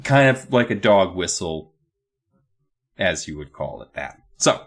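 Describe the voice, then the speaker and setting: A man's voice: sits low, big pitch swings, measured pace. A man co-hosting a comedic podcast, reading book passages aloud with hammy dramatic flair and telling jokey stories. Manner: joking, playful storytelling. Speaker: podcast co-host. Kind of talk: casual comedic book recap.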